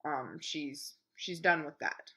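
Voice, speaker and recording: A woman's voice: sits low, takes it slowly, bright, forceful tone, slightly rough. A woman co-hosting a casual podcast chat, explaining things with lots of likes and ums. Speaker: podcast co-host.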